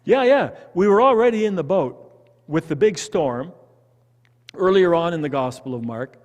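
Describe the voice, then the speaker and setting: Animated Canadian man teaching Bible study. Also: high-pitched, normal speed, big-room sound, muffled recording. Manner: animated, conversational, asks the group questions. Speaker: pastor leading Bible study. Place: church hall.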